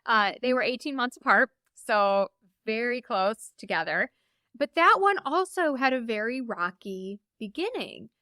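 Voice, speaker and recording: A woman in her thirties telling her own birth stories as a podcast guest, animated and acting out the voices of the people she quotes. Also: a little high, a little slow, no echo, clean studio sound. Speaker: podcast guest, memoir author. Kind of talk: casual storytelling.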